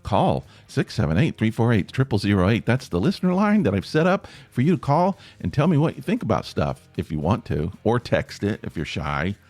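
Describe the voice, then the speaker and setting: A man's voice: lowish voice, huge pitch swings, brisk, hardly any pauses, darkish tone, no echo. East tennessee guy rambling on his solo podcast, kinda self-deprecating, voice jumps all over, dry mic. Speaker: podcast host.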